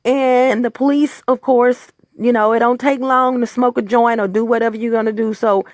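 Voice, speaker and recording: A woman's voice: on the high side, fairly even intonation, normal speed, darkish tone, no room sound. A woman hosting her own video, delivering a heated, exasperated rant full of stammers and restarts. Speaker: vlog host. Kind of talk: angry personal rant.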